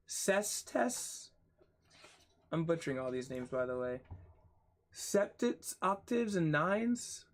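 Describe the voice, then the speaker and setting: A man's voice: medium pitch, creaky. A young man reading a textbook aloud on his channel, stumbling over hard words, spelling them out letter by letter, and grumbling and cursing between passages. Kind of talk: casual read-aloud with asides.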